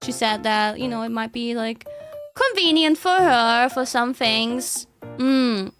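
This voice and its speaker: A woman's voice: fairly high pitch, lively intonation, slow pace, a bit bright, faint music behind. A young woman streamer in casual chat, rambling with lots of fillers and frequent giggles.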